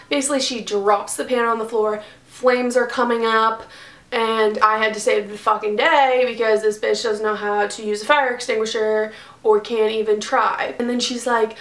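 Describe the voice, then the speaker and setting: A woman's voice: fairly high pitch, a bit bright, echoey room. A young woman vlogger retelling a story casually, exasperated and swearing freely. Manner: profane, exasperated retelling with acted quotes.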